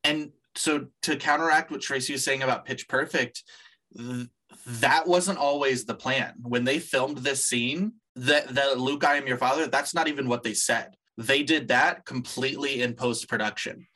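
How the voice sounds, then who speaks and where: A man's voice: mid-range voice, fairly even intonation, moderate pace, sharp tone. A man co-hosting a casual podcast chat, explaining things in a matter-of-fact way. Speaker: podcast co-host.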